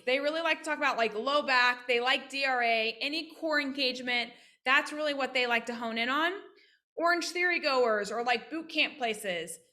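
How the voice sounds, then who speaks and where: A woman physical therapist teaching practice owners on a video call, lively and interactive, often asking questions. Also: high voice. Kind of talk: casual online teaching with role-played examples.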